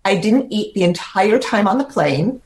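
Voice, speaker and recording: A woman's voice: medium pitch, expressive, normal speed, darkish tone. Older lady guest, earnest and heartfelt, telling her story on a podcast, near tears. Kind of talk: emotional personal storytelling.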